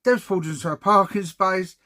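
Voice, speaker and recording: Rambling, animated man telling a story. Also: high-pitched, a little fast. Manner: rambling, animated, swears, keeps saying guys. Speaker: toy seller and vlogger. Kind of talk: casual vlog storytelling.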